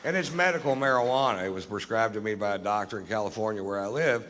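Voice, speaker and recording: A man's voice: fairly low pitch, quick pace, crowd noise. A middle-aged man doing profane stand-up storytelling on a live stage, laughing at his own lines. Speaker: stand-up comedian. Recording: reverberant live stage with faint background noise.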